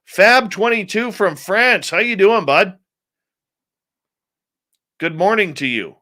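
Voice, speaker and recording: A man's voice: high voice, expressive, slow pace, long pauses, bright, forceful tone. A middle-aged man hosting a radio show, chatting casually, greeting viewers by name and ranting bluntly. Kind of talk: casual live-stream chat.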